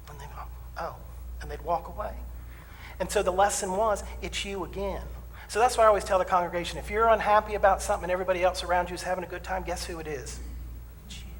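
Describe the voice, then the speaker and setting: A middle-aged man preaching a conversational sermon as minister, swinging from loud declarations to hushed asides and acting out complaints in quoted voices. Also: high voice. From southern United States. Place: church sanctuary. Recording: long hall reverb, faint room noise.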